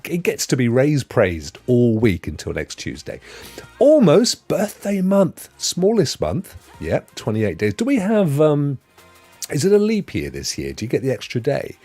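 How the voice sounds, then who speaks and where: Husky, animated stream host. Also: male voice, medium pitch, dry recording. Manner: jokey, rambling, greets chat viewers by name. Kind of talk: casual live-stream chat.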